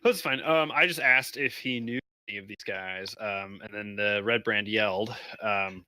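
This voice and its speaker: A man's voice: fairly low pitch, moderate pace, bright, forceful tone, clean tone, no echo, low-quality recording. A man playing a tabletop game, speaking hesitantly with many fillers. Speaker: player.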